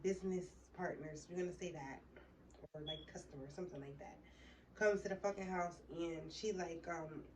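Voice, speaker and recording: A young woman telling a story casually, rambling and swearing a lot as she goes. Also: lowish voice. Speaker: storytime vlogger. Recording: distant mic with faint room noise.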